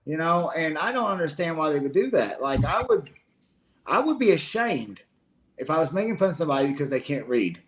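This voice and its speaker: A man with a Kentucky Southern accent co-hosts a casual late-night stream, his fairly high voice sing-song and fairly quick. He rambles indignantly, restarting his sentences again and again.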